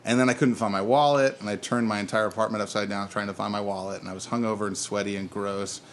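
A man's voice: fairly low pitch, steady tone, fast, a little hiss or hum. A man in his thirties co-hosting a casual podcast chat, telling rambling stories and laughing at them. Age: 30s. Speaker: podcast co-host.

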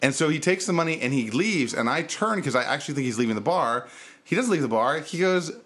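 Male podcast host, young adult, lively storyteller who plays out the dialogue in his anecdotes. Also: fast, breathy edge. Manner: animated, acts out quotes with big pitch jumps. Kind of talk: casual storytelling chat.

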